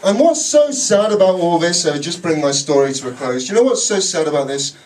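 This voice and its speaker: Lively high-voiced male stand-up comic. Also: brisk. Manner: animated, sarcastic storytelling with shouted punchlines. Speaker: stand-up comedian. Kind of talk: stand-up comedy set. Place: comedy club stage before a laughing audience. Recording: distant live club recording, noisy.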